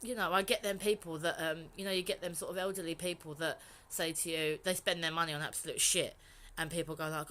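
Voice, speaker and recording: A young Englishwoman vlogs about something personal, speaking frankly, rambling, and swearing freely while emotional and close to tears. Her voice is lowish and a bit bright, and she talks fast with hardly any pauses.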